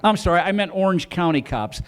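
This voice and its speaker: On a club stage, a Chicago comedian does a stand-up set, impersonating cops with loud siren noises and mock accents. His male voice sits high and moves briskly.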